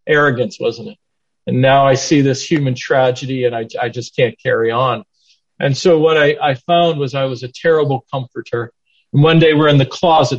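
An older man giving a plainspoken, earnest sermon to men in a conversational way. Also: on the high side. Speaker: lay preacher teaching men. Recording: dull lo-fi recording.

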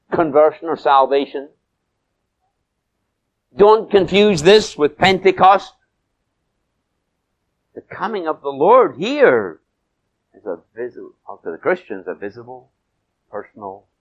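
Dramatic male preacher with a lively voice. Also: highs cut off. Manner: dramatic swings between loud emphatic peaks and soft low asides; slows and stretches key phrases. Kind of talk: sermon.

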